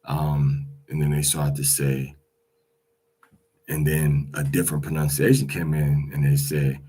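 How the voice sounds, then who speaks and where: A man's voice: very deep voice, little pitch movement, dark tone, breathy edge, low-quality recording. A man teaching Hebrew pronunciation in a casual spoken lesson, repeating each word aloud several times. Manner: slow and repetitive, drilling each word aloud with fillers.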